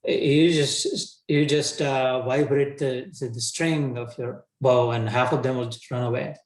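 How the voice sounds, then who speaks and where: A man's voice: medium pitch, fairly even intonation, normal speed, hardly any pauses. Man giving a casual scripture lecture. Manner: casual, colloquial, frequent restarts. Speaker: scripture teacher. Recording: roomy echo.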